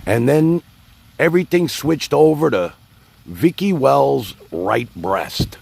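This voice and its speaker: A man with a gravelly, husky low voice hosts a casual livestream. He rambles and talks straight to his viewers, his pitch rising and falling a lot as he goes. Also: expressive, slow, a little mellow. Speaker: livestream host.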